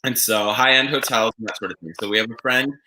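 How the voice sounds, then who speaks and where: A man hosting a casual chat podcast, telling stories in a rambling, animated way. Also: medium pitch, quick pace, slight background noise, rough recording. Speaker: podcast host.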